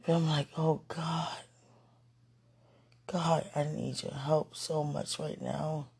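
A man recording an emotional late-night vlog, overwhelmed and near tears, pleading and sighing in breathy whispers. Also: fairly high pitch, flat delivery, slow, a little mellow. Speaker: vlogger.

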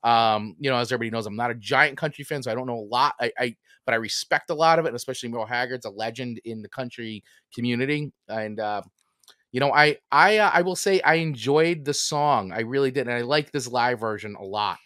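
A man co-hosting a podcast in a casual chat, easygoing and a little halting, often restarting his sentences. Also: medium pitch, pushed and bright, no room sound, studio quality. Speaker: podcast co-host.

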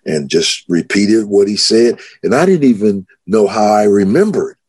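An American pastor recounts his conversion during a podcast interview, his voice carrying a breathy edge at normal speed. He gets increasingly worked up, his pitch climbing as he retells the shouting.

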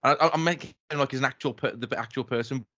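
A man's voice: mid-range voice, quick pace, bright, forceful tone. A man in a casual film chat, enthusiastic and often searching for words.

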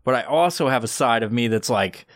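A man's voice: mid-range voice, lively intonation, fairly quick, no room sound, studio quality. A man hosting a podcast, chatting casually, cursing constantly and laughing often between jokes. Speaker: podcast host. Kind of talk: casual profane chat.

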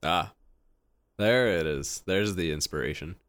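A man's voice: low-pitched, a little slow, a bit bright, clear, resonant tone, no room sound, studio quality. A man co-hosting a casual podcast, joking and bantering. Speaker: podcast co-host. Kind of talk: casual chat.

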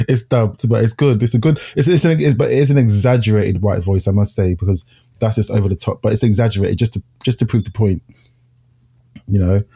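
Laid-back guy on a movie podcast, lowish husky voice, giggles a lot. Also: moderate pace. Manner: relaxed, laughs easily. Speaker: podcast co-host. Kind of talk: casual film review chat.

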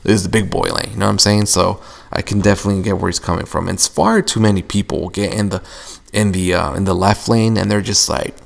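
Young man, podcast host, heavy vocal fry, low voice, rambling and profane, casual solo chat. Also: fast talker.

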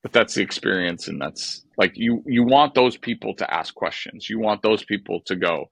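A man co-hosting a podcast, telling a baseball story in an animated, exasperated way and swearing freely. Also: lowish voice, moderate pace, creaky, husky, dry recording, poor audio. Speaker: podcast co-host, former baseball player.

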